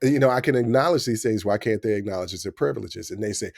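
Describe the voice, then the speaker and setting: A man in his forties from the United States co-hosting a podcast, talking in an animated, joking way and jumping between points. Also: on the low side, fast, gravelly, no room sound, clean studio sound. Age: 40s. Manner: animated, jokey, talks over his co-host. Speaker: podcast co-host. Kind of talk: casual chat.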